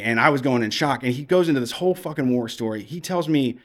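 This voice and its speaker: A man in casual storytelling mode on a podcast, talking frankly and swearing freely. He rambles, restarts his sentences and lands at a middle pitch. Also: fast talker, hardly any pauses.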